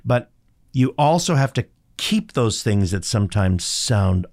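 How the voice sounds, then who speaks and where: A middle-aged man with a raspy, textured voice, chatting as a voice actor guest on an interview show and telling stories with sarcastic asides. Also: mid-range voice, measured pace. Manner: animated storyteller, sarcastic asides. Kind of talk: casual interview chat.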